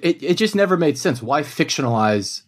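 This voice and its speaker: A man's voice: on the high side, sing-song, normal speed. A man in a casual movie podcast chat, wry and incredulous about what he describes.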